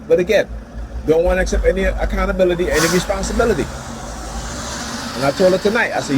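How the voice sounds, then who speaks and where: A man's voice: high voice, quick pace, a little mellow, a little hiss or hum. A man vlogging from his car in a casual, heated rant, rambling and repeating "you know" and "right?".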